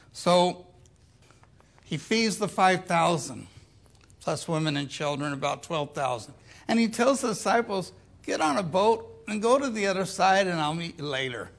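Slow, gravelly older preacher. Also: male voice, fairly high pitch, animated. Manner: slow, deliberate, dropping to quiet asides. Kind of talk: sermon.

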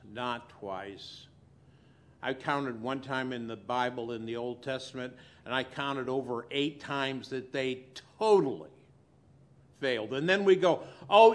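A man preaching a sermon as pastor, swinging between loud emphasis and quiet, soft asides. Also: medium pitch.

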